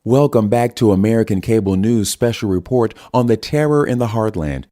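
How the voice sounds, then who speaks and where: A man voicing a polished female cable news anchor in a bright, upbeat broadcaster tone. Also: lowish voice, lively intonation, normal speed, no echo, studio quality, voice pushed up, natural voice.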